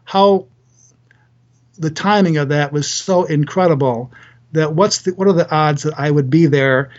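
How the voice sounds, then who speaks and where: A man's voice: a little high, measured pace. Earnest older man telling a story, lo-fi. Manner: earnest, repeats words often while telling stories. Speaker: guest, physician and author. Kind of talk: storytelling in a podcast interview.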